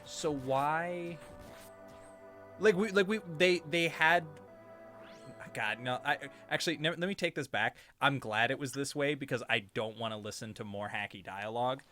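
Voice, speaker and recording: A man's voice: mid-range voice, moderate pace, sharp tone, faint music behind. A man co-hosting a gaming podcast, talking loosely and swearing, often slipping into mock voices of game characters. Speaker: podcast co-host. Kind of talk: casual gaming podcast chat.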